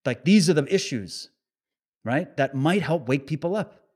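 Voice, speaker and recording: A man's voice: a little high, lively intonation, darkish tone. A man delivering an agitated ranting monologue, firing off one rhetorical question after another at his listeners. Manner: rapid-fire rhetorical questions; emphatic, agitated.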